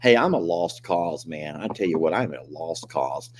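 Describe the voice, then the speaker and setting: A man's voice: deep voice, animated, moderate pace, a little mellow, slight background noise. An older man, hosting a casual live-stream chat, joking and complaining animatedly. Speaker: host.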